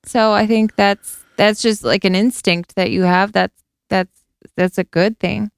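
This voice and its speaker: A woman's voice: medium pitch, fairly even intonation, unhurried, gravelly, clean tone, dry recording, studio quality. A woman co-hosting a podcast, talking supportively and reflectively in casual chat. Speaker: podcast co-host.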